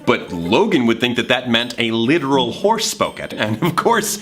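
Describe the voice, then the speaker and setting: A man's voice: mid-range voice, sing-song, normal speed, fairly bright tone. A man playing a pedantic, formal logic persona who lectures in precise wording. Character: logical know-it-all male persona, pedantic. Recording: music playing underneath.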